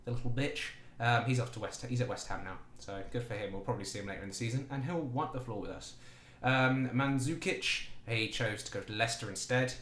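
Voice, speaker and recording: A man's voice: medium pitch, fairly bright tone, reverberant. A man casually commenting while he plays a football management game, chatty and swearing freely as he talks back to the game. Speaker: gaming YouTuber.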